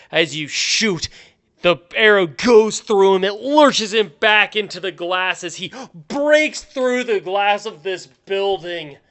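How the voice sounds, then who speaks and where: A man narrating a tabletop game as game master, telling the story slowly with fillers. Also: on the high side, smooth. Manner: slow, relaxed storytelling with fillers.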